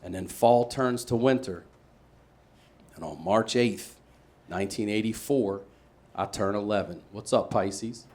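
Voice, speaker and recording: A male stand-up comedian from Maryland telling a story on a comedy stage, animated and acting out voices, building up to loud punchlines. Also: lowish voice, unhurried, long pauses. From Maryland, USA. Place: comedy stage with a live audience.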